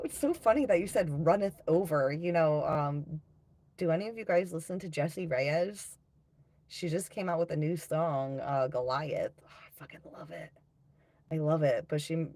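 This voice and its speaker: A woman's voice: low voice, mellow. A woman in her thirties from the United States, chatting bluntly and profanely on a livestream tarot reading, reading out chat comments and laughing often. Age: 30s.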